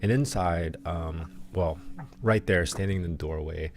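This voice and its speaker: A man with a very deep, low voice runs a tabletop role-playing session, describing scenes slowly and haltingly, often stopping to find his words. Faint guitar music sits under his narration. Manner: halting, many ums and restarts. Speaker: game master.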